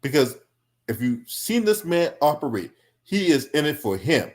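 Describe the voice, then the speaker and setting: Man, angry political reaction stream, confrontational, profane, somewhat high pitch. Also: very animated, normal speed, a little mellow. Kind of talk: heated reaction commentary.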